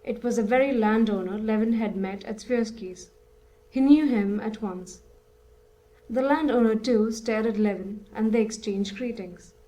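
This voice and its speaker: A woman reads a classic novel aloud in a steady, measured way. Her voice is mellow and warm, set a little high. The narration is scripted and even. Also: low-quality recording. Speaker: audiobook narrator.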